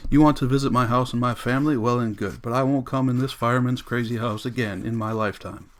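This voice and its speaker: A man's voice: mid-range voice, fairly even intonation, fast talker, close to an everyday voice. A man voicing Mrs Bowles, an indignant grown woman who scolds in accusing repetitions.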